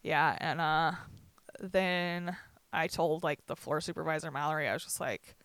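Soft-spoken woman with a dry sound. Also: low-pitched, steady tone, clear, resonant tone, no room sound. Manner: candid, halting, quiet, many fillers and restarts. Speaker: podcast host. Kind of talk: casual chat.

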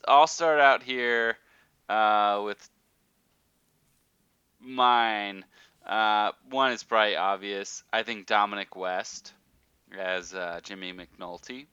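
A man in casual podcast talk, rambling and animated with plenty of fillers. His voice sits a little low but rings bright and clear. The sound is dry, close and slightly dull. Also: dry recording. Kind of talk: casual chat about a TV show.

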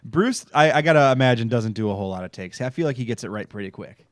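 Man, podcast co-host, casual chat, animated, dry close sound. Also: fast, no echo. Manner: animated, laughing, jumps into high voices for quotes. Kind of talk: casual chat about a TV show.

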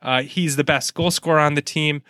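A man's voice: on the high side, steady tone, normal speed, fairly bright tone, no echo, clean studio sound. A man hosting a casual soccer preview, easygoing and joking while breaking down teams. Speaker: sports podcast host.

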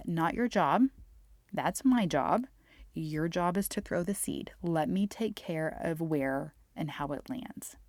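A middle-aged woman, a Christian nutritionist, talking candidly on her podcast, often dropping to soft near-whispers. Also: lowish voice, no echo. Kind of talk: casual faith-based podcast monologue.

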